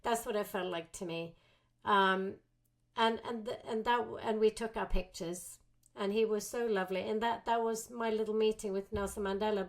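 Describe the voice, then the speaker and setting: A woman being interviewed as a guest, telling a story with animation and acting out quotes. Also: mid-range voice. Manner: animated, acts out quotes of herself and others.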